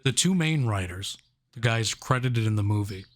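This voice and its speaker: A man's voice: fairly low pitch, animated, moderate pace. A man co-hosting a casual movie review podcast, joking and swearing, often laughing. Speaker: podcast co-host.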